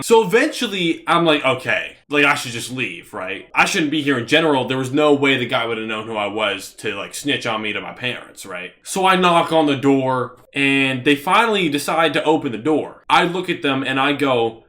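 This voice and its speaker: A young man in casual storytelling mode, rambling and animated, full of fillers like "you know" and "like". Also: mid-range voice, moderate pace, few pauses. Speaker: vlogger.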